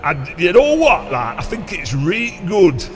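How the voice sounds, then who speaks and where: A man putting on a deep-voiced northern English male car streamer who drops his articles and drawls in a homely way. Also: big pitch swings, a little slow, big-room sound, soft background music. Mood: jokey. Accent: Northern English, put on.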